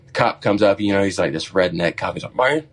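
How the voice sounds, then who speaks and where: Middle-aged male podcast guest, low-pitched, easygoing, animated storyteller. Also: quick pace. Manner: animated storyteller, acts out his own quotes. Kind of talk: casual storytelling.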